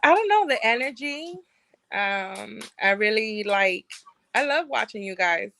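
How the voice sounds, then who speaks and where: A woman's voice: medium pitch, animated, measured pace, vocal fry, a bit bright, rough recording. A woman calling in to a live psychic show, hesitant and apologetic, often giggling between words. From Florida. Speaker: caller. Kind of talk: casual call-in chat. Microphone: video call.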